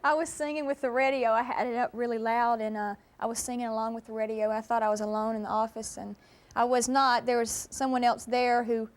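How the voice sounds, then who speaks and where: A woman's voice: on the high side, level tone, fairly quick. A woman in her twenties with a Southern US accent, chatting as an interview guest and telling stories with frequent laughs. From Mississippi, US. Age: 20s. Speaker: guest singer. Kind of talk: casual interview chat.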